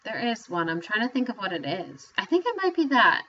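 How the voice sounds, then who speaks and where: A woman co-hosting a casual book-chat podcast, chatty and quick to laugh. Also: mid-range voice, dull audio. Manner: chatty, laughs often, animated. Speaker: podcast co-host.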